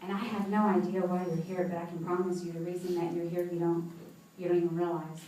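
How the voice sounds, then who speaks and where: A woman's voice: fairly low pitch, level tone, fast, mellow, a little hiss or hum. A woman giving an inspirational talk to a live audience, telling personal stories and often laughing. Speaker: motivational speaker. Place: event hall with seated audience. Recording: echoey hall, voice from far off.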